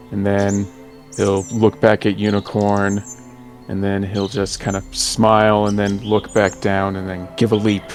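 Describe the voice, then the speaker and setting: Male player, low even voice, casual hesitant narration of his character's actions. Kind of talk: casual tabletop role-play.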